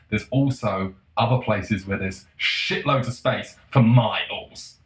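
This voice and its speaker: A man in a casual monologue, profane and sarcastic, breaking into mocking shouts. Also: on the low side. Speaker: solo commentator. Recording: roomy echo.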